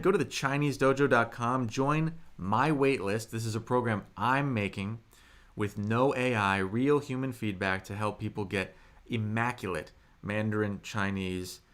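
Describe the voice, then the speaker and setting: A young man teaching a live online language lesson, upbeat, reading the chat aloud and modelling tones slowly and loudly. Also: medium pitch. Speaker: Mandarin teacher on a livestream.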